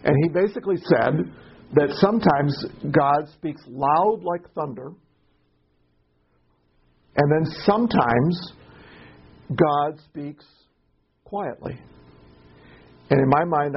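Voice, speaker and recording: A man teaching a study group with a gravelly, very husky voice, talking haltingly and often repeating himself. He poses rhetorical questions to his listeners. The recording is dull and lo-fi. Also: on the high side. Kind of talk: casual classroom teaching.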